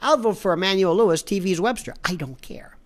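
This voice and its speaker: Speaking briskly in a high-pitched voice, this talk show host wanders through a sarcastic monologue, telling stories animatedly and digressing constantly.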